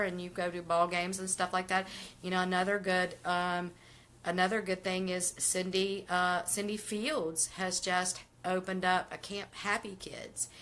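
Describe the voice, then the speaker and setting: A woman's voice: fairly low pitch, bright, forceful tone. A middle-aged woman talking casually to viewers on a live stream, chatty and upbeat, reading out their comments as she goes. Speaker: vlogger doing a live stream.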